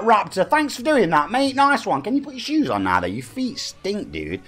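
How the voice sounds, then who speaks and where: A man's voice: high-pitched, wildly swooping pitch, normal speed, few pauses, a bit bright. A man in his forties with an East Midlands English accent, chatting upbeat with viewers and reading out their names during a live game stream. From England. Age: 40s.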